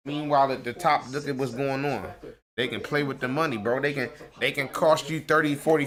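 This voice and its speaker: A man rants on his home livestream, heated and profane, circling back to the same complaints again and again. His voice sits in a middling register. Clear crowd noise runs behind him. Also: medium pitch. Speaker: livestream host. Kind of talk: angry livestream rant.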